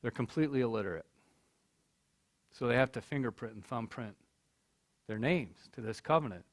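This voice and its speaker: A man's voice: mid-range voice, expressive, moderate pace. Earnest man telling a story on stage. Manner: earnest, repeats words when stirred. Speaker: keynote speaker. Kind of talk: storytelling speech. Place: college hall.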